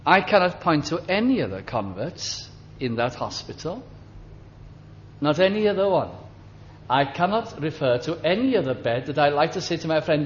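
Gentle older man preaching, halting. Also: a little high, very animated, highs cut off, slight background noise. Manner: gentle, halting, with many fillers and restarts. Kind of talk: reminiscing sermon.

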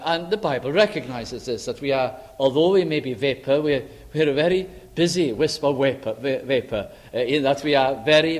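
A man preaching a sermon earnestly, repeating phrases for emphasis and pausing with frequent fillers. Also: fairly high pitch.

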